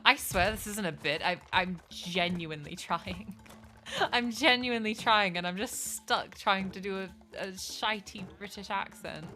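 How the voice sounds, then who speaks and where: A woman's voice: fairly low pitch, fairly even intonation, a little slow, few pauses, sharp tone, faint music behind. A young woman streaming a game live, rambling in casual, self-mocking chat with her viewers as she plays.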